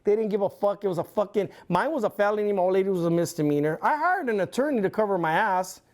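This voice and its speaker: A man's voice: sits high, quick pace. A middle-aged man telling a long story as an interview guest, swearing constantly and laughing as he goes. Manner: profane, animated storyteller who laughs often. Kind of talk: casual storytelling.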